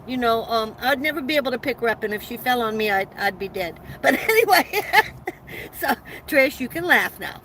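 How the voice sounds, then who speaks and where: A woman with a somewhat high voice chats with her viewers, rambling from one story to the next, restarting her sentences and laughing along the way. She is talking from inside a van. A faint hiss of noise sits under her voice. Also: a bit bright, rough recording. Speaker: livestream host. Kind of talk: casual live chat with viewers.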